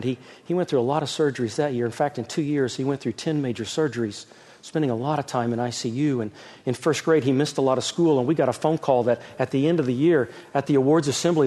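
A middle-aged man, a pastor, preaching a sermon with a personal story, swinging from loud emphasis to soft, hushed telling. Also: mid-range voice.

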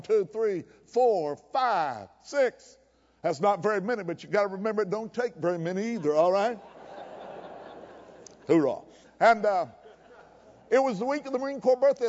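A man's voice: high-pitched, a little mellow, long reverb tail, dull audio. A man preaching a sermon in a chapel service, emphatic and folksy, with jokes.

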